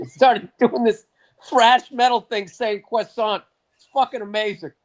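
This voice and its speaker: A man's voice: very high-pitched, slow. A middle-aged man co-hosting a podcast, telling stories in casual, profane sports chat. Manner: profane, animated storyteller. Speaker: podcast co-host.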